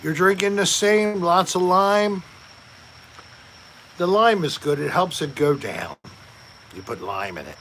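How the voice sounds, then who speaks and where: Slow gravelly man joking on a livestream. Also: high-pitched, expressive, a bit bright, a little hiss or hum. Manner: slow, joking, reads chat aloud. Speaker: livestream host. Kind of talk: casual live-stream chat.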